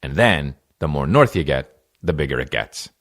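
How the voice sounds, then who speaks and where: A man's voice: rumbling low, animated, moderate pace, a bit bright. A man hosting a comedy podcast, talking in a profane, rambling and jokey way. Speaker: podcast host.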